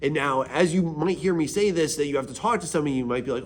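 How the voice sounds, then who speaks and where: Lively, animated male art mentor. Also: a little high, fast talker. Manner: energetic, casual, speaks straight to the viewer. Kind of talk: direct-to-camera teaching video.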